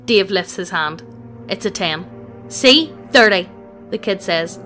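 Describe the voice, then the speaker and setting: A woman's voice: fairly low pitch, a little slow. A synthetic woman's voice reading out a tabletop gaming story as scripted narration, evenly and without fillers. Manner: even text-to-speech reading without fillers. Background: faint background music.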